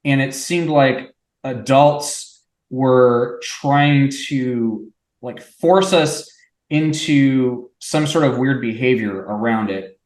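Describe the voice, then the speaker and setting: A man's voice: medium pitch, slow. A man in his forties telling stories in a casual chat among old friends, wry and dry, with lots of hedging fillers. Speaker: podcast co-host. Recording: echoey room.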